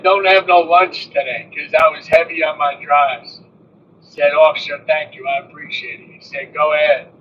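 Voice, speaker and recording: A man telling casual, profane stories about driving trucks on a livestream. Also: sits high. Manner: profane, animated storytelling. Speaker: truck driver vlogger. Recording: dull lo-fi sound from a distant mic.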